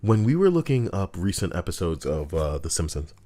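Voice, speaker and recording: A man's voice: sits low, sing-song, brisk, dark tone. A man streaming, reading internet posts aloud and chatting casually, swearing and drifting into asides. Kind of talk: casual livestream chat.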